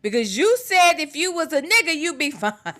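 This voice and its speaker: Lively, bright-voiced woman host chatting. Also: sits high, a little fast. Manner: greets viewers by name and reads their comments aloud; chatty and playful, laughs freely. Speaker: livestream host. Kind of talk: casual livestream chat.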